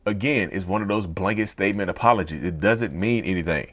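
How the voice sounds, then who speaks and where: A man hosting a mental health channel, talking straight to his viewers in an animated way and rephrasing each point several times. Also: sits low, brisk. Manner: addresses viewers as "y'all". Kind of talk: direct-to-camera talk.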